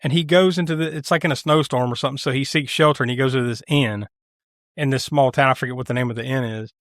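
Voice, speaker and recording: A man's voice: medium pitch, fast talker, no room sound, studio quality. A man co-hosting a podcast, retelling a film scene by scene in casual chat, laughing, swearing and acting out lines. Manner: animated storyteller, acts out scenes in funny voices, swears, laughs often. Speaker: podcast co-host. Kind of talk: casual movie review chat.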